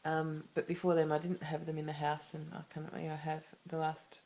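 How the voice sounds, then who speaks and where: Low-voiced Australian woman, rambling and candid. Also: monotone, brisk, a little mellow. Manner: rambling, candid, many restarts and asides. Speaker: vlogger. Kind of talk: confessional personal vlog.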